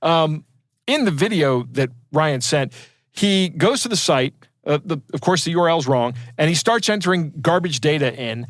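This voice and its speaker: A man's voice: fairly high pitch, animated, moderate pace, no room sound, studio quality. A man co-hosting a podcast, chatting casually and digressing to explain technical details. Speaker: podcast co-host. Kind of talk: casual chat.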